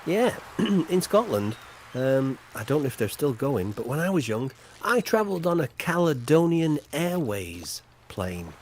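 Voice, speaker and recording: A man's voice: a little high, big pitch swings, unhurried, a little mellow, slight background noise. A man hosting a quiz on a casual game livestream, teasing the players and announcing the winners with mock-grand flourishes.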